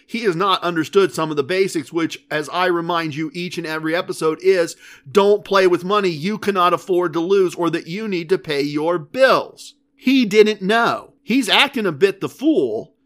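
A man's voice: high voice, moderate pace. A man hosting a podcast, telling a story in a chatty, wry way and laughing at himself. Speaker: podcast host.

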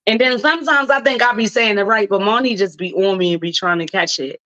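A woman's voice: medium pitch, fairly quick, pushed and bright, highs cut off. Chatty Baltimore woman radio host. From Baltimore, Maryland, USA. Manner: chatty, laughs often, loose slangy phrasing. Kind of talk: casual talk radio commentary.

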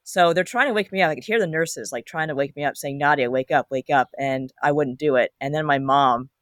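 A woman's voice: low voice, brisk, dry recording. Woman telling a story with dry humor, dry sound. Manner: storytelling with wry humor and laughs. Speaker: podcast co-host. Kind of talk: casual podcast chat.

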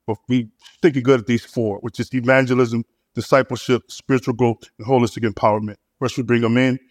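Halting pastor telling his story. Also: mid-range voice, flat delivery, dry recording, studio quality. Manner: halting, with many repeated words and fillers. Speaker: pastor and church planter. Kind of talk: casual conversational storytelling.

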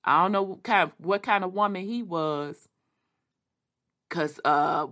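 A woman reading history aloud and adding animated, casual commentary. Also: fairly low pitch. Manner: animated, quick asides, Southern Black vernacular.

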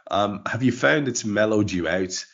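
Deep, husky man hosting a casual football podcast, rambling and teasing. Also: normal speed, fairly bright tone, dull audio. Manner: rambling, filler-heavy, teasing. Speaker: podcast host.

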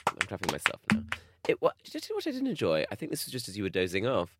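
A man's voice: very fast, husky, no echo, studio quality. A man co-hosting a podcast in casual chat, telling stories with big swings in his voice. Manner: animated storytelling with big pitch swings. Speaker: podcast co-host.

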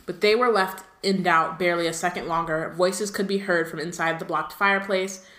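A woman's voice: on the low side, steady tone, fairly quick, a bit bright. Woman co-host reading a book aloud, chatty asides, um-heavy, echoey room. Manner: reads a novel aloud with asides, laughs often, says um. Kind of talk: casual read-aloud and chat.

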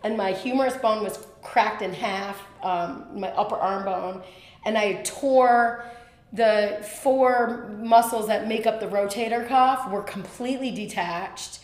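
A woman telling a personal story as a podcast guest, animated and quick, with lots of fillers. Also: mid-range voice, reverberant.

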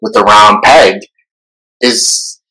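A man co-hosting a podcast, talking casually and animatedly, jumping up in pitch for emphasis. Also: fairly even intonation, drawn-out words, sharp tone, poor audio. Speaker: podcast co-host. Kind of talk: casual conversation.

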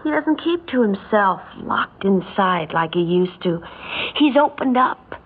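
An actress playing a quiet, weary young mother who speaks softly and hesitantly in an old radio drama. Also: medium pitch, lively intonation, unhurried, close to an everyday voice. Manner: soft-spoken, hesitant. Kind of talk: 1950s radio drama acting. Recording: tinny old radio broadcast with faint hiss.

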